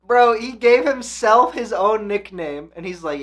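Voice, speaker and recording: A man hosting an anime reaction channel, talking casually and excitedly, swearing and swinging between hyped shouts and quiet reflection. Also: sits high, measured pace, few pauses.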